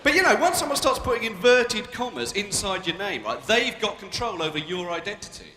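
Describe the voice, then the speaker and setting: Young british guy doing stand-up, high lively voice bouncing all over, big echoey hall, crowd noise behind. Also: fairly quick. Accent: British English. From Britain. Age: young adult. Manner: cheeky, provocative, bantering with the crowd. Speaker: stand-up comedian. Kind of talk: live stand-up comedy. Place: large arena stage with a live audience. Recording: echoey arena with long reverb and crowd noise.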